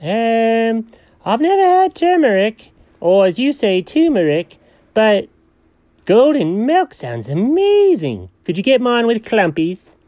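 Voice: mid-range voice, wildly swooping pitch, slow pace, darkish tone, no room sound. Fussy, chatty sidekick buddy, as a performer puts him on; swoops up and down, dry close mic. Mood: playful. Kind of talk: improvised audio story.

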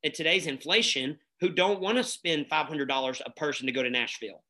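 A man, telling stories in a casual, energetic conversation as a guest, with many fillers. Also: a little high, a little fast. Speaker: nonprofit founder and guest.

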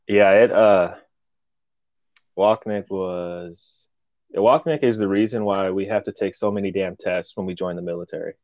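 A man telling loud, profane stories from his military years in a casual chat, laughing often. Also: low-pitched, normal speed, dry recording, dull audio.

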